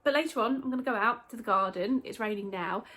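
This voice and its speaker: A woman's voice: on the high side, fast talker, pushed and bright. A woman chatting casually to her viewers in a home vlog, filmed on a handheld camera around her house and garden greenhouse. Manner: chatty, talks straight to viewers. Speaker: vlogger.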